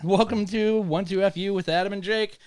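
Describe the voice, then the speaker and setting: Clear-voiced male podcast co-host. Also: high voice, moderate pace, dry recording. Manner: relaxed, swearing offhand. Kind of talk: casual podcast intro chat.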